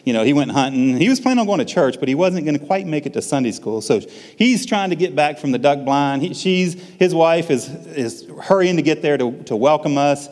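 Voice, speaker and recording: A man's voice: a little high, animated, a little fast, few pauses, a little mellow, long reverb tail. A man giving a personal testimony at church, telling a story in a folksy, self-deprecating way.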